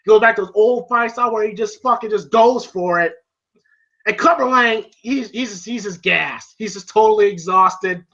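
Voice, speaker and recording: Excitable male reviewer, bright edgy voice, curses freely, dull lo-fi sound. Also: high voice, normal speed. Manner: excitable, profane, heavy on fillers. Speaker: film reviewer. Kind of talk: casual film review vlog.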